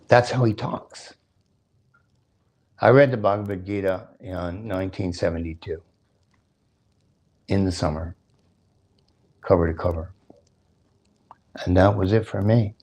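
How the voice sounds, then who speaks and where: A man's voice: deep voice, a little mellow. An older man giving a sermon at a temple, explaining scripture, chanting verses and asking his listeners questions, with a joke and a chuckle now and then. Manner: jokes, chuckles between points. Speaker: temple speaker.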